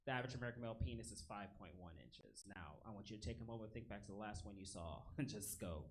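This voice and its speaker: A man in his early thirties performing a stand-up set on a club stage, with punchy delivery, shouted punchlines and quick laughs at his own jokes. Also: lowish voice. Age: 30s. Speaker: stand-up comedian. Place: comedy club stage with live audience laughter.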